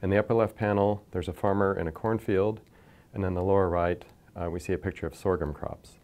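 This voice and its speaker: A man lecturing from slides in a measured, explanatory way, pointing to figures as he goes. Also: low-pitched, fairly even intonation, darkish tone. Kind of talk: scripted science lecture over slides.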